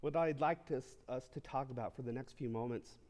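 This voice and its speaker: A man's voice: mid-range voice, fairly quick, a little mellow. A man pastor preaching a sermon, teaching through a text with casual asides to the congregation.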